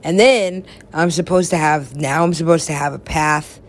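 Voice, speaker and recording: A woman's voice: low voice, fairly even intonation, moderate pace. A young woman in casual chat with friends, rambling, laughing often and swearing freely.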